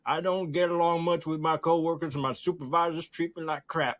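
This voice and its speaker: A man's voice: fairly high pitch, flat delivery, brisk, fairly bright tone, natural voice. A man reading as a fed-up dwarf worker. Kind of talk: reading an in-character letter.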